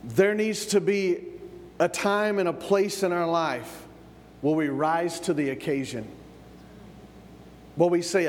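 Man, pastor, sermon, high pitch, repeats words, asks for amens, long church reverb. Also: slow pace, long pauses, slight background noise. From American South. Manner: repeats words when building up, calls for amens.

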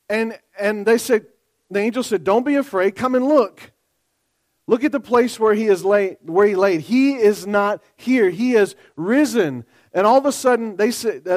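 A male pastor with a high voice. He preaches animatedly, swinging from quiet scripture reading to loud, excited asides to the congregation. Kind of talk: sermon.

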